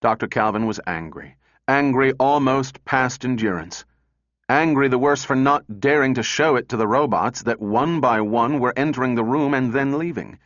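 A man narrating a story in a measured, steady way. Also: mid-range voice, dry recording, dull audio. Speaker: audiobook narrator. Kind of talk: scripted narration.

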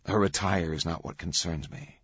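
A deep-voiced man reading as a tired, kind young priest, soft-spoken with a faint Italian inflection. The voice is low and husky, quiet but carrying calm authority, on a dry, slightly dull recording. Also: normal speed, no echo. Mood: weary.

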